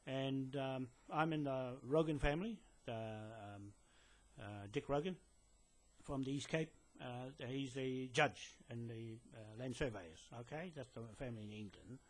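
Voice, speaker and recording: Unhurried and mid-range in pitch, a man lectures a police detective through a direct-to-camera message recorded indoors in a building. As a land claimant, he pushes his point insistently, rambling and restarting with plenty of fillers.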